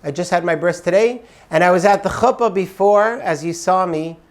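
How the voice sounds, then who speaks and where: A man's voice: sits high, moderate pace, close to an everyday voice. A man voicing a moved elderly grandfather. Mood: earnest.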